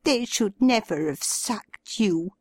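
A woman's voice: mid-range voice, lively intonation, takes it slowly, darkish tone, breathy edge, no echo, pitched above the performer's own voice. A woman voicing a blunt, tactless, gossipy female fan.

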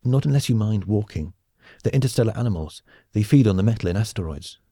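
A man's voice: on the low side, animated, fast, dark tone, dry recording. A man voicing a dry, sarcastic young woman pilot in an audiobook. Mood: sardonic. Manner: dry, sarcastic, matter-of-fact.

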